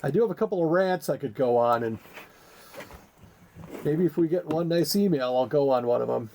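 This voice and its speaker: A man's voice: fairly high pitch, normal speed, mellow, slight background noise. A man co-hosting a comedy podcast, chatting casually with a joking, rambling, teasing manner. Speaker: podcast co-host.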